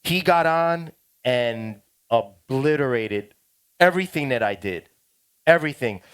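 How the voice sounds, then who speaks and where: A middle-aged man tells a story to a DJ workshop class, loose and slangy. His voice sits mid-range. He grows loud and animated as he goes. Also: medium pitch, unhurried, clean tone. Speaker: DJ teaching a workshop.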